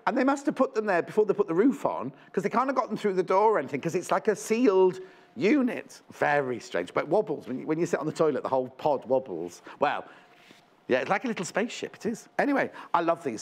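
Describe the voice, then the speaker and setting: A man presenting on a live shopping channel, chatty and rambling, counting down stock and correcting himself as he goes. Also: fairly high pitch. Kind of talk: live TV sales pitch. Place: TV studio.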